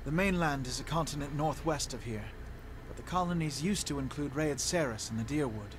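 A man voicing a friendly, easygoing male caravan merchant in a relaxed, storytelling way. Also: a little high, a little fast, noisy background, lightly acted. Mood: explaining.

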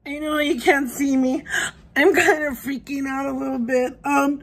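A middle-aged woman vlogging on her phone from a dark, hot hotel room, crying and rambling in a panic, swearing as she talks. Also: high voice, steady tone, normal speed. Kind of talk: casual phone vlog.

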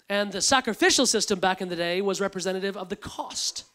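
High-voiced man preaching a sermon. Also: fairly quick, few pauses. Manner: conversational, repetitive preaching that drops soft for emphasis. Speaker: guest preacher.

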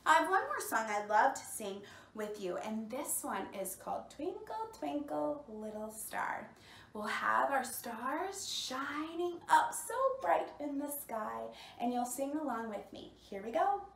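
A woman with a high, bright voice reads and plays with toddlers in a storytime lesson. She speaks slowly and warmly encourages them, exaggerating each word like a preschool teacher. She sounds a little far from the mic, and the room echoes. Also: very animated, vocal fry. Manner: slow, exaggerated, encouraging teacher talk to small children. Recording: roomy sound, mic at a distance.

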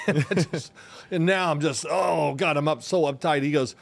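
An older man in his sixties hosts a podcast in a casual chat. He talks in a slightly higher register and tells his story with animation, acting out what others said. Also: a little fast, creaky. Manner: animated storyteller, acts out quotes. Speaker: podcast host.

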